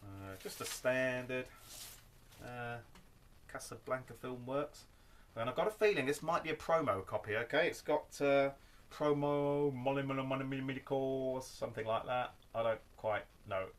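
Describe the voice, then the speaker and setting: A man's voice: medium pitch, a little slow. A man showing his record collection in a casual vlog, rambling with wry asides and tagging his points with "okay?". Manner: rambling, tags lines with "okay?"; wry, self-deprecating asides. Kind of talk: casual show-and-tell vlog.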